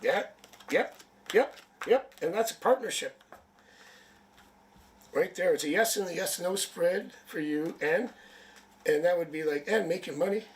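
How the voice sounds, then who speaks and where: A man's voice: high-pitched, expressive, unhurried, pauses often, recorded from a distance, slight background noise. A man from Canada reading tarot on a live stream, chatty and rambling, with jokes, a sniffle and a headache. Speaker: tarot reader.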